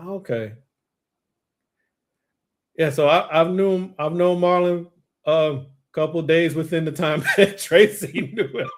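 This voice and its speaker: A man on a memorial livestream, speaking in a relaxed, hesitant way. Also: on the high side, measured pace, pauses often.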